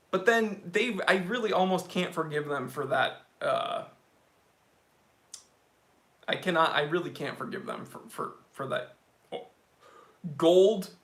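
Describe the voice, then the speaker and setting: A man hosting a casual live stream about watches, opinionated and animated, answering viewer questions. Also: high-pitched, echoey room.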